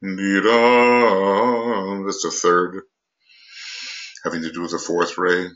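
An older man lectures on spiritual matters without a script, his voice very deep yet bright and forceful. He stops often, fills gaps with hesitations and circles back to restart his thoughts. The recording is dull and lo-fi. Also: completely flat delivery. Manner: halting, many fillers and restarts. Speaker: esoteric teacher.

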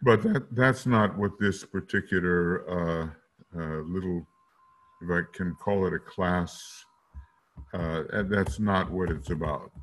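A man giving a slow, deliberate lecture in a rough morning voice, now and then singing note syllables to illustrate. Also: low voice, fairly bright tone. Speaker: teacher.

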